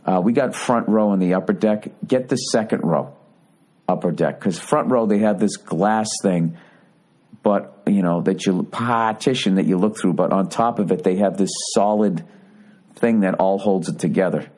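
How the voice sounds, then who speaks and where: In his forties, this podcast host rambles through a story in a casual comedic monologue, ranting with profane mock indignation. He has a deep, slightly mellow voice and talks at normal speed.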